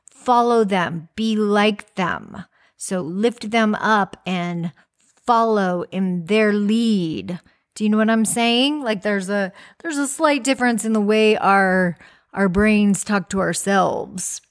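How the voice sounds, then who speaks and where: A woman's voice: medium pitch, takes it slowly. A woman hosting her own podcast, talking casually and encouragingly in a monologue, restarting her phrases often. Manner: chatty, encouraging, restarts a lot. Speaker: podcast host.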